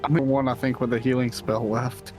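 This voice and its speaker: A man's voice: mid-range voice, little pitch movement, brisk, music in the background. A man playing a tabletop game, cracking jokes and swearing in frustration at his own mistakes. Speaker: player. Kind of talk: casual tabletop play.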